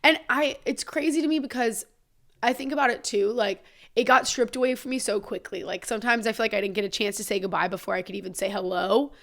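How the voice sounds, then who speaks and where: A woman's voice: fairly high pitch, fast talker, a bit bright. A young woman hosting her own podcast, talking frankly and with plenty of swearing, confiding in listeners who are in recovery. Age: young adult. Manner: blunt, profane and confiding, speaking straight to listeners in recovery. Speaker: podcast host. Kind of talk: candid solo podcast monologue.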